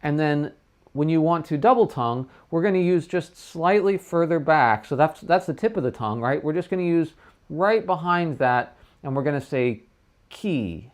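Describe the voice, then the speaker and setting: A man's voice: fairly high pitch, animated, moderate pace. A middle-aged man teaching trumpet tonguing in a casual livestream lesson, chatting loosely and sounding out syllables.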